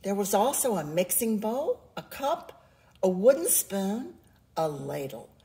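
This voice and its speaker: Woman, children's story reader, slow, sing-song, expressive. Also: medium pitch. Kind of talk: read-aloud storytelling.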